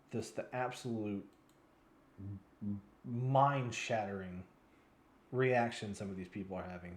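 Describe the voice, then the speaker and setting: Weary slow-talking young man vlogger. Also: medium pitch, roomy sound. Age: 20s. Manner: weary, yawning, frustrated. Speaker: news vlogger. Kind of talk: casual rambling commentary.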